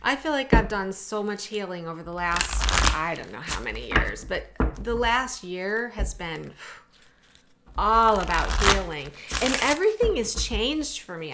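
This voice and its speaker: A woman's voice: mid-range voice, very noisy. Chatty woman giving an oracle card reading. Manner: chatty and heartfelt, reads aloud from a guidebook with asides. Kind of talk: casual tarot-style reading to camera.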